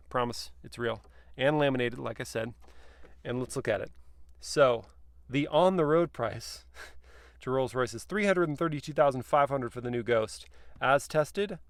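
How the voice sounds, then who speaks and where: A man's voice: medium pitch, vocal fry, dry recording. A man giving a casual, playful review from the back seat of a car, chatting and joking to himself as he goes.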